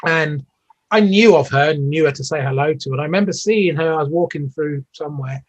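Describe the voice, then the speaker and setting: A man's voice: a little high, a little fast, lo-fi sound. A British man in his fifties, a former Olympic athlete telling long rambling stories as an interview guest, with plenty of fillers and restarts. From United Kingdom. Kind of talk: casual storytelling interview.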